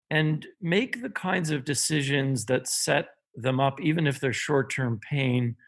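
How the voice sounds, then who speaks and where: Middle-aged Canadian man, gravelly voice, measured interview guest. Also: mid-range voice. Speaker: guest, business strategist. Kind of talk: podcast interview.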